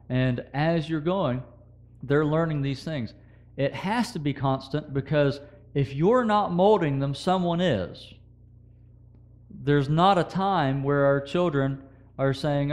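A man's voice: a little high, unhurried, a little mellow. A man preaching a sermon, talking through scripture in a conversational way with quoted verses and asides to the congregation.

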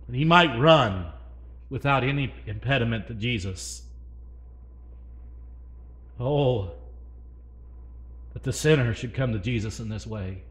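A man preaching a sermon, swinging between loud emphasis and hushed asides and asking the congregation questions. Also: medium pitch, measured pace, pauses often.

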